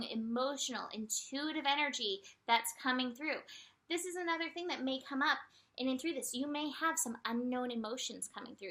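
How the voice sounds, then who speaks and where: A woman with a high, bright voice talks through a day's astrology and tarot reading. Her delivery is gentle and soothing, broken up by light laughs and animated, quoted asides. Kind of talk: casual spiritual forecast.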